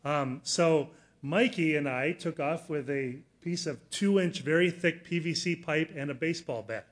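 A middle-aged man preaching a sermon, telling a personal story in an earnest way that rises to loud emphasis. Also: on the high side, unhurried.

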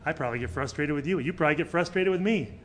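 A man's voice: a little high, very fast, a little hiss or hum. Middle-aged man preaching with surging emphasis. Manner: dynamic preaching that swings between loud emphasis and quiet softness. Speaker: pastor. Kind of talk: sermon.

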